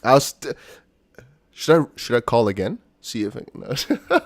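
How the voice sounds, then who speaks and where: Excitable man on a live stream. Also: mid-range voice, unhurried. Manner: excitable, shouting and laughing with relief; rambling, self-mocking. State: out of breath, sweating. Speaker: crypto livestream host.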